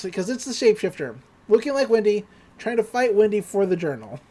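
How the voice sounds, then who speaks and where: A chatty woman retelling a cartoon episode on a podcast, full of "like" and "uh". Her pitch is lively and expressive, swinging up and down as she narrates. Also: brisk. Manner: chatty, animated, filler-heavy. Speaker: podcast host. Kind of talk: casual episode recap.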